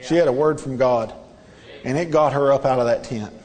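A man's voice: medium pitch, a little fast, a little mellow, in a large hall. A man preaching a sermon in a church, earnest and repetitive, pressing his listeners with rhetorical questions. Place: church sanctuary.

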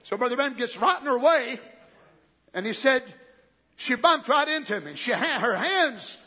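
A man preaching a sermon, telling a story in folksy rural grammar and rising to shouted questions. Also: extremely high pitch, expressive, moderate pace, husky. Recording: echoey hall, muffled old recording.

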